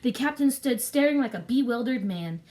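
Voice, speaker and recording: A woman narrating a classic adventure story in a clear, measured reading voice. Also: fairly high pitch, expressive, darkish tone.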